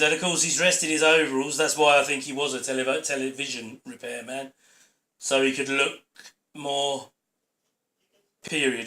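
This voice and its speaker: A man's voice: medium pitch, sharp tone. A man giving a rambling, opinionated audio commentary over a sitcom episode on his channel. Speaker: channel host. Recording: roomy echo.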